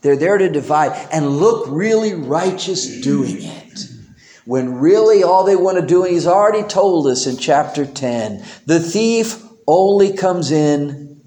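A man preaching a sermon from the pulpit, his fairly high voice rising and falling in an animated way as he acts out the people in the story. He takes his time over each phrase. The room gives his voice a noticeable echo. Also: unhurried. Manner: animated, acts out biblical characters in quotes. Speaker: pastor.

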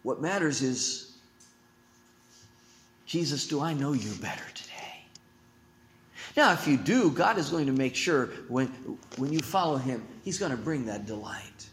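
A man preaching a sermon as pastor, swinging from emphatic declarations to hushed, slow asides. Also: mid-range voice, sing-song, reverberant.

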